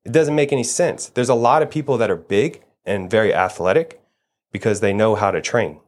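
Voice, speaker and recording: A man's voice: fairly low pitch, brisk. A man co-hosting a podcast, talking in a heated, emphatic and scornful way about health and excuses. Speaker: podcast co-host. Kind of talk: casual heated chat.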